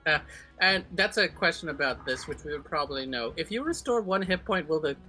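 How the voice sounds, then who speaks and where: A man's voice: a little high, expressive, fairly quick, sharp tone, faint music behind. A man playing a tabletop game, thinking aloud and hesitant as he decides his moves. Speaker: player. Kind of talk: casual tabletop play.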